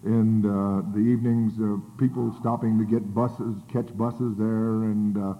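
In a low-ish voice with little pitch movement and a measured pace, an older man tells a group his rambling recovery story. Fillers and restarts pepper his speech, and the audio has a tinny, phone-like quality.

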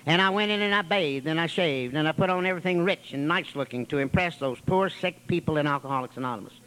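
A man's voice: a little high, quick pace, pushed and bright, poor audio. A man speaking at a recovery meeting, telling his story in a folksy, wry way with long piled-up lists. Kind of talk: storytelling testimony.

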